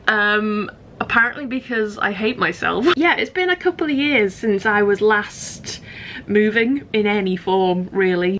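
A woman's voice: fairly high pitch, fairly bright tone. A woman vlogging casually at home with a groggy morning voice, chatting in a self-deprecating way. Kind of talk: casual vlog chat. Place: home bedroom and office.

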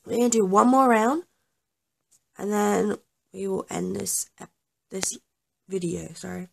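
Gravelly-voiced young woman gaming. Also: mid-range voice, unhurried, darkish tone. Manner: self-deprecating, apologetic, chatty. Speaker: gaming YouTuber. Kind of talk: casual gameplay commentary.

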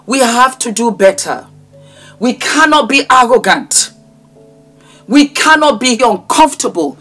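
A woman's voice: fairly high pitch, fairly bright tone. Emotional woman in her fifties, preaching. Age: 50s. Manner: emotional, preachy, speaks straight to the person she discusses. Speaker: vlogger commenting on celebrity news. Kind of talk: impassioned direct-address commentary.

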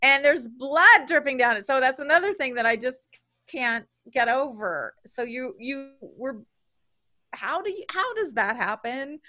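A woman's voice: high voice, lively intonation, unhurried, pushed and bright. A woman co-hosting an interview podcast, talking in a bubbly, chatty way. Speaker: podcast co-host. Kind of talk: casual interview chat.

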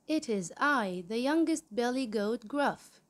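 A tiny, scared billy goat from a storybook asks politely to be let across, spoken by a woman reading aloud. The voice is fairly high and slow, soft and pleading. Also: expressive. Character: small frightened young billy goat.

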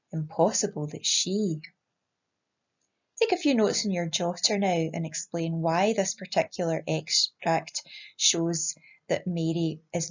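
A woman with a Scottish accent, an English teacher reading a short story aloud and then explaining it to pupils in a clear, measured way. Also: sits low. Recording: slightly muffled lo-fi sound.

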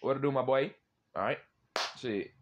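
A young man casually chatting with strangers on a video chat app, swearing and loudly reacting. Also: mid-range voice, moderate pace, highs cut off, noisy background. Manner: slangy, swears often, loud exclaiming reactions and laughs.

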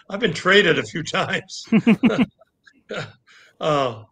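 A man answering questions hesitantly, with many pauses and fillers. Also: fairly high pitch, expressive, sharp tone, slightly rough. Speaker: guest. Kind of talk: casual answers in conversation.

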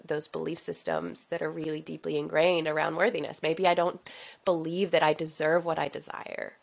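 A woman hosts a coaching podcast in a low, deep voice with a gravelly edge. She reflects out loud in an animated way and laughs often as she talks. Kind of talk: casual interview chat.

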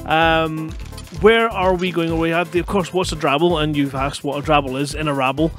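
A man's voice: fairly high pitch, fairly even intonation, brisk, fairly bright tone, soft background music. A man hosting a casual livestream show, joking and rambling playfully. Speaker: host.

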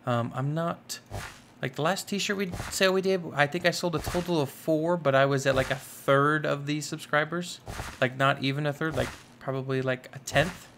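A young man giving casual, rambling commentary over a modded block-building game, excitable and full of fillers. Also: on the high side, normal speed, a little hiss or hum. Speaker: gaming YouTuber. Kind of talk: casual Minecraft let's play commentary.

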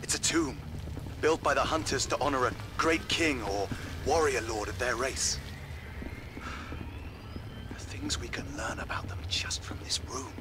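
An actor playing a calm male scientist exploring an alien tomb, speaking in a hushed, measured way. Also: mid-range voice, lightly acted. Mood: awed. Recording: heavy game noise behind voice.

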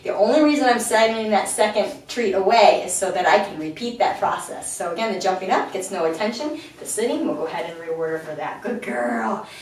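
A woman dog trainer talks through her method with a lively, swooping delivery. She is recorded indoors in a strongly echoing room, some way off from the mic. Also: a little fast, a little hiss or hum. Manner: clear explaining tone, switching to high sing-song calls of praise. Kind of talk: instructional training video. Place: indoors at home. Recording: very echoey room, far from the mic.

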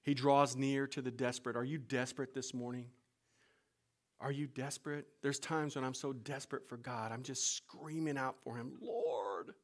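A middle-aged man preaching a sermon, moving from loud, urgent appeals to hushed, whispered storytelling. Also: medium pitch, flat delivery, moderate pace. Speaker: pastor.

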